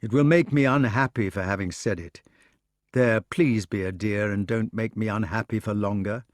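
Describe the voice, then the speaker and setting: A man's voice: fairly low pitch, normal speed, dry recording, studio quality, close to an everyday voice. A man reading an audiobook, voicing an earnest, brooding knight who pleads with his love. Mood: pleading.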